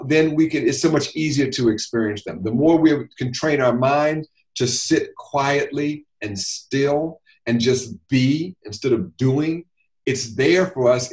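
A man, a physician guest on a podcast, speaking in a measured, thoughtful, reflective way. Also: mid-range voice, rough recording. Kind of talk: reflective interview talk.

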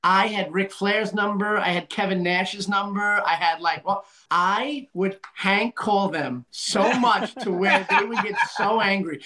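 High-voiced joking man. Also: a little slow, few pauses, pushed and bright, rough recording. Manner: playful, joking storyteller. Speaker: podcast guest. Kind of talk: casual chat.

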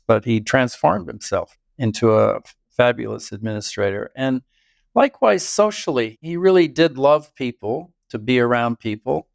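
This older man is a biographer guest who responds to interview questions in thoughtful, story-rich detail, chuckling now and then. He has a gravelly mid-range voice. The studio sound is clean, with no room sound.

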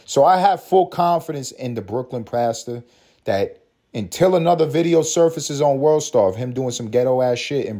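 A man's voice: mid-range voice, dark tone. A man hosting a podcast, ranting in a profane, mocking, storytelling way. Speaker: podcast host. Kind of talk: profane comedic rant.

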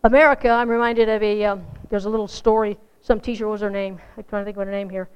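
A woman's voice: medium pitch, level tone, fast, smooth, muffled recording. A woman preaching a folksy, earnest sermon to a congregation, rising to fervent emphasis. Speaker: church speaker.

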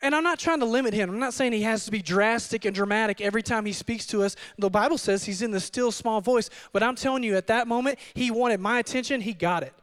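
A man preaching a sermon as pastor, telling his story in an animated, conversational way with frequent asides to the room. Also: high voice, fast, hardly any pauses, smooth. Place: church hall.

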